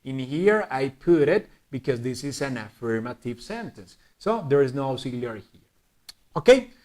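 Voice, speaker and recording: Lively bilingual English teacher, man. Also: medium pitch. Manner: lively teacher, slows to spell out examples. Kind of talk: bilingual grammar lesson.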